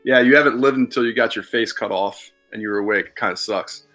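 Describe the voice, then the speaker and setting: Candid, bright-voiced man telling stories. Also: lowish voice, fast talker, soft background music. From Philadelphia, USA. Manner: candid rambling storyteller, swears freely. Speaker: podcast guest. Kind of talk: casual chat.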